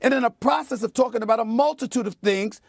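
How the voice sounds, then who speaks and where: A middle-aged man hosting a sports debate show, making his point with forceful, preachy repetition in a TV studio. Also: very high voice, fast, creaky, dry recording. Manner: emphatic and preachy, repeats phrases for effect. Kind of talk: heated on-air sports commentary.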